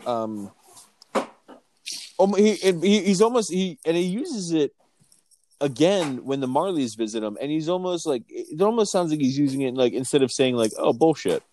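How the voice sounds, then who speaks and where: A man's voice: on the high side, animated, normal speed, darkish tone, a little hiss or hum. A man co-hosting a casual podcast, joking and swearing as he talks a movie over from his notes. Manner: joking, profane, reads from notes. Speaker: podcast co-host. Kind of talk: casual movie-discussion chat.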